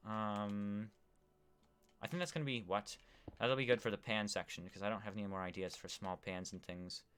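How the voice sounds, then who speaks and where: Crisp-voiced casual male streamer. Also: on the low side, normal speed, a bit bright. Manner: rambling, talks to chat with many fillers. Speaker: gaming streamer. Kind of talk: casual live-stream chat.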